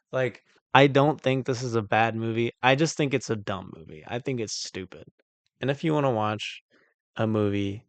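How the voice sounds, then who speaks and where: A man reviewing a movie in a casual monologue, ranting with exasperation and then calmly breaking down shot composition, full of "like" and "um". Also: mid-range voice, clean tone, no room sound. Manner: exasperated ranting, heavy use of "like" and "um"; calmer, analytical when breaking down shots. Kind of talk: casual film critique monologue.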